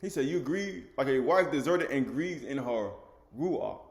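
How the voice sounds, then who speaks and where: A man's voice: mid-range voice, expressive, measured pace, echoey room. A man teaching a sermon, with rising emphasis, rhetorical questions and casual speech, acting out quoted speakers. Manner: colloquial, acts out quoted speakers.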